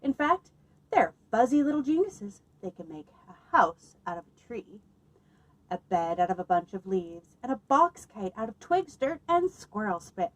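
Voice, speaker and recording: A woman librarian reading a picture book aloud at children's story time, expressive and lively, pausing to ask her listeners questions. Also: mid-range voice, low-quality recording.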